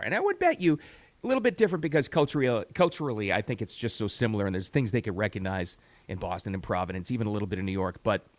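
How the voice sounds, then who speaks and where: A man's voice: fairly low pitch, no room sound. A middle-aged man hosting a talk radio show, giving an emphatic, opinionated monologue that repeats words for stress.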